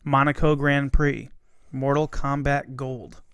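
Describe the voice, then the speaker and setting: A man's voice: mid-range voice, little pitch movement, slow, clear, resonant tone, dry recording. A man in his thirties co-hosting a casual podcast, playful, laughing often as he rattles off lists. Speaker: podcast co-host. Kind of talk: casual chat.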